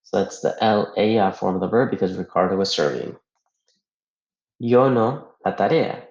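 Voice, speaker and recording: A man's voice: deep voice, moderate pace, darkish tone. A man teaching a Spanish grammar lesson, explaining patiently step by step and asking rhetorical questions. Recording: echoey room, dull lo-fi sound.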